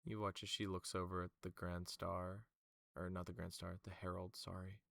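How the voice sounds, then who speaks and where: A man's voice: sits low, level tone, moderate pace, creaky, fairly bright tone, no echo. A man narrating as game master for a tabletop game, loose and full of fillers.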